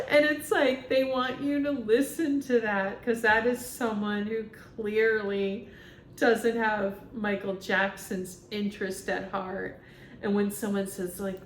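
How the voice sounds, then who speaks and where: Woman medium, casual vlog monologue, filler-heavy, unhurried, faint rumble behind. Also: fairly even intonation, reverberant. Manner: rambling, filler-heavy, laughs often. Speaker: spiritual medium.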